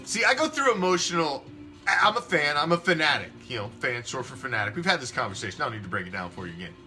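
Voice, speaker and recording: A man's voice: medium pitch, very animated, fast, bright, forceful tone, soft background music. A man hosting a fan sports show, ranting emphatically and swearing a lot. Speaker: fan podcast host. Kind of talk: opinionated sports talk rant.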